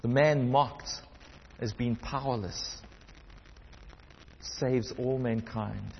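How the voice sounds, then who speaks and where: A man preaching a sermon, reading scripture aloud and swinging between raised emphasis and hushed, quiet passages. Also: mid-range voice, very slow, creaky, long reverb tail, lo-fi sound, slight background noise. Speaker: pastor.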